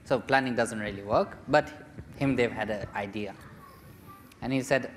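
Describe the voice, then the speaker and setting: A man, a spiritual teacher, telling a story to a young seminar group in a lively, joking manner. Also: mid-range voice, moderate pace, pauses often, a little hiss or hum. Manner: lively, chatty, jokes and acts out quotes.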